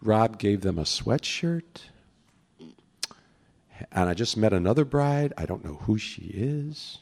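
A man's voice: on the low side, takes it slowly. A man, a voice actor, telling anecdotes to a crowd at a convention in a large hall, laughing as he goes. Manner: animated storyteller who laughs and slips into voices. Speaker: voice actor giving a talk.

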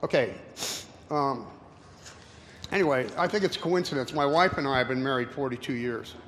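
A man in his sixties giving a casual slide talk with anecdotes to an audience, rambling and halting with many fillers. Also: mid-range voice, fairly bright tone. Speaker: presenter. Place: room with an audience. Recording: reverberant hall, faint noise.

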